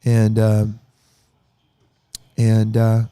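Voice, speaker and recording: A man's voice: lowish voice, completely flat delivery, extremely slow, dark tone, clean tone, no echo. A man in a band chatting casually backstage, playful and joking, his voice weakened after a night of coughing. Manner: playful, slips into a posh clipped accent for jokes. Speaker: band member. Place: backstage room.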